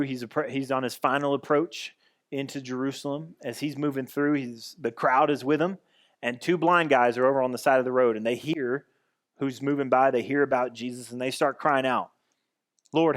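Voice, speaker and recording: A man's voice: mid-range voice, fairly even intonation, brisk. A man pastor giving a conversational sermon, restarting and repeating phrases as he goes.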